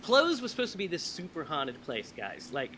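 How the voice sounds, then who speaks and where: A man hosting a podcast, telling stories in a lively, animated way. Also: a little high, normal speed, a little hiss or hum, poor audio. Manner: animated storyteller, laughs often. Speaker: podcast host. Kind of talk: casual chat.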